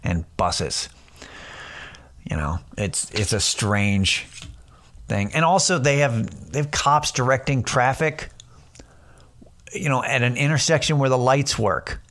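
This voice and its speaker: A man's voice: on the low side, a bit bright. A man hosting a casual solo podcast, telling rambling, profane stories with lots of restarts. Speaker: podcast host.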